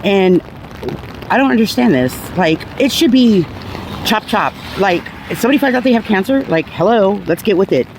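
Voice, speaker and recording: A woman's voice: mid-range voice, animated, normal speed, darkish tone, a little hiss or hum, rough recording. A middle-aged woman telling her own story in a candid, rambling, blunt way, swearing casually. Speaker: vlogger sharing her cancer story.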